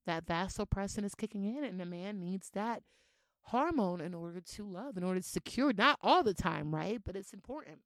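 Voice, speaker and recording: A woman's voice: mid-range voice, no echo. A young woman hosting a podcast in a casual solo monologue, brash and heavy on swearing. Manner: brash, profane and animated, with laughs. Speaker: podcast host.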